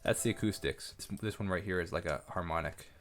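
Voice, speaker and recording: A man, a music producer, giving an excitable, casual breakdown of his track, often correcting himself mid-sentence. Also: deep voice, a little fast. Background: faint music from his session playback.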